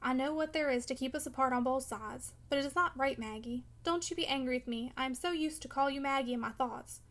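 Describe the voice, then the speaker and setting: In this audiobook reading, the woman takes on the role of a twenty-one-year-old young man who is discouraged and full of longing, speaking impetuously and pleadingly with discontent. Her voice is high and a bit bright, paced a little fast.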